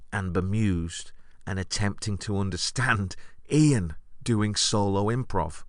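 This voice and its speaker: A man hosting a podcast, recounting an anecdote in a wry, deadpan storytelling monologue. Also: low voice, no echo, clean studio sound. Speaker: podcast host.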